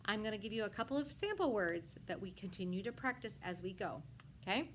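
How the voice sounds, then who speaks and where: A woman teaching a first grade phonics lesson, sounding out words slowly piece by piece and praising often. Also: mid-range voice, expressive, a little hiss or hum. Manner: slow, sound-by-sound enunciation with frequent praise. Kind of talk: phonics lesson for young children.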